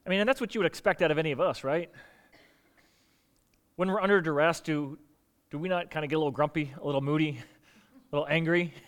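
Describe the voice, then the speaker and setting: A man preaching a sermon as pastor, animated, asking rhetorical questions and acting out quoted lines. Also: a little high, fast, pauses often, smooth.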